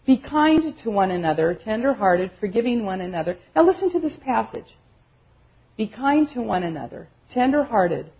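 Earnest woman preaching, husky lo-fi. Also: medium pitch. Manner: earnest, emphatic, repeats phrases for effect. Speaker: conference speaker. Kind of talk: sermon-style teaching talk. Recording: dull, lo-fi recording.

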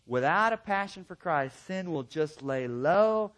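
Man, fairly high voice, animated teaching talk, emphatic repeats, acts out quotes. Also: a little slow. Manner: emphatic repetition. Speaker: counseling instructor.

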